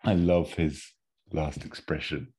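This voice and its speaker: A man's voice: very deep voice, fairly even intonation, takes it slowly, warm tone, husky. A man co-hosting a podcast, chatting casually. He sounds amused and rambles, trailing off mid-sentence. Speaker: podcast co-host. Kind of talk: casual chat.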